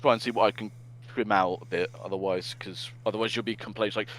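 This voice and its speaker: A man's voice: fairly low pitch, fairly even intonation, fast talker, fairly bright tone, rough recording. A man co-hosting a podcast, chatting casually and often restarting his phrases. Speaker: podcast co-host. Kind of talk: casual chat.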